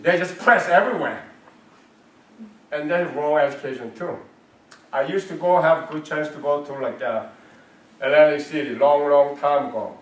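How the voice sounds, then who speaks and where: A man, a martial arts grandmaster, teaching a health class in broken, emphatic English, asking questions and answering them himself. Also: fairly high pitch. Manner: emphatic, non-native phrasing, asks and answers his own questions. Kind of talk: class instruction. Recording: roomy sound from a distant mic.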